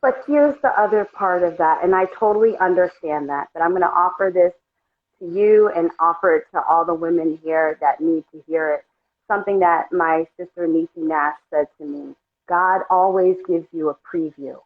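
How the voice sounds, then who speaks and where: A woman hosting a casual interview, encouraging and quick to laugh. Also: lowish voice. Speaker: host. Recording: phone-like audio.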